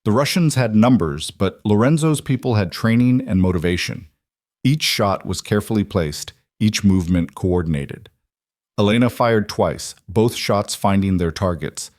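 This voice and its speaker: A man with a low voice narrates a romance audiobook in a smooth, even storytelling manner. The recording is dry and close, with no room sound. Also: moderate pace, dry recording.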